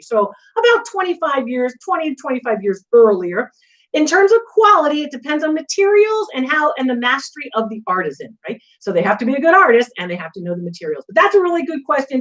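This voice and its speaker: A middle-aged woman hosting a live antiques Q&A, chatting casually and telling animated stories full of asides. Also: high-pitched, poor audio. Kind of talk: casual live-stream chat.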